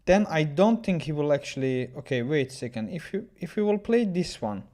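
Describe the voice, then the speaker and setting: A man with a highish, mellow voice comments casually on a chess game during a livestream, sounding animated and brisk. He reads viewers' messages aloud, answers them, and often restarts his sentences.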